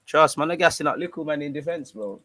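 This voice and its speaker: A man's voice: fairly high pitch, fast talker, pushed and bright, dry recording. Slangy man with a dry voice. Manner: slangy, laid-back, bantering. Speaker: fan channel host. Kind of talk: casual livestream chat, reading viewer comments.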